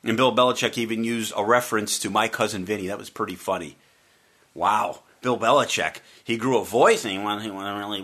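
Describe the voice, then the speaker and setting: Male sports radio host with a bright, punchy voice, riffing wryly on the week's games. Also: mid-range voice, breathy edge. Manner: wry, joking and animated, with playful mock voices. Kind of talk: solo sports talk commentary.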